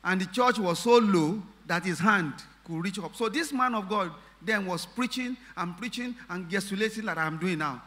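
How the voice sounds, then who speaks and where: Bright, high-voiced preacher. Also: male voice, normal speed, hardly any pauses, long reverb tail. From Nigeria. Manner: emphatic preaching with repetitions and rhetorical questions. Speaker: pastor. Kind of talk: sermon.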